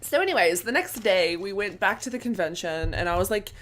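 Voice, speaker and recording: A young adult woman vlogger telling a story to camera, excited and gushing, with lots of "like" and casual swearing. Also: medium pitch, fairly quick.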